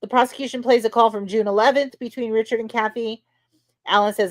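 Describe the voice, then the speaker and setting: A woman's voice: on the high side, steady tone, fairly quick, no room sound. Woman, podcast host, casual trial recap, conversational, dry close sound. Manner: conversational, many fillers like "you know".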